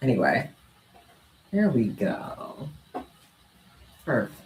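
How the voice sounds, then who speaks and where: With big pitch swings and a slow pace, a young adult craft vlogger in her mid-range voice chats casually while crafting at home. She coos baby talk to her pet cats, and a distant mic makes the room sound spacious.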